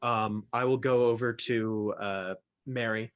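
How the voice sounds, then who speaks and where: A man playing a tabletop game, describing his character's actions in a relaxed, searching way. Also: mid-range voice, measured pace, clean tone, dull audio. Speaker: player.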